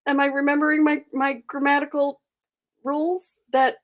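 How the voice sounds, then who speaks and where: A woman's voice: high voice, level tone, moderate pace. An American woman hosting a live stream, chatting casually with viewers, giggling and teasing them. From United States. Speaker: livestream host.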